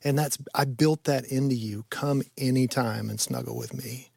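A man's voice: mid-range voice, steady tone, normal speed, creaky, a little mellow, breathy edge, no room sound. A man, the show's producer, sitting in as a guest, with a mid-range voice. He speaks thoughtfully and reflectively. The mic is close and dry. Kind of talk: reflective studio chat. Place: radio studio.

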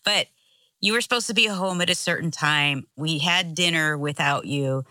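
A woman's voice: deep voice, moderate pace, sharp tone, dry recording. A middle-aged woman co-hosting a casual chat, telling a story animatedly and acting out the voices in it. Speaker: co-host.

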